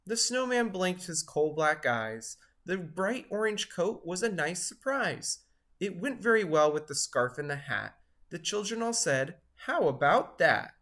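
Woman storyteller, children's book read-aloud, sing-song rhymes, unhurried, lively pitch. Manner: slow, expressive, sing-song rhyming delivery.

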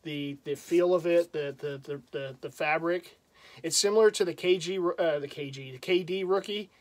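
A man's voice: on the high side, normal speed. A man casually showing off his collection in a rambling, self-deprecating vlog, chuckling often. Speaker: jersey collector vlogger. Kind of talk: casual show-and-tell vlog.

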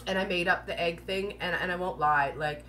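Hosting a live keto Q&A stream, a woman rambles through playful jokes in a lowish, somewhat fast, sharp-toned voice, with a little hiss or hum in the audio. She says "like" constantly, keeps a light, teasing tone, and giggles at her own humor.

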